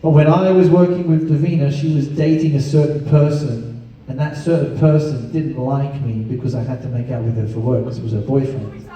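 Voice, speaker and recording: At a casual panel Q&A in a large convention hall, a man answers fan questions, joking and laughing a lot. His warm, mid-range voice moves fairly quickly with fairly even intonation, picked up from far off in the echoey hall.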